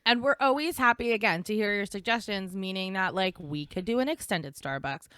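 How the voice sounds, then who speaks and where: A woman co-hosts a casual podcast with a bright, smooth voice, joking around playfully. She is quick to laugh. The sound is dry and close to the mic. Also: medium pitch, lively intonation, no echo. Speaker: podcast co-host. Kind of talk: casual chat.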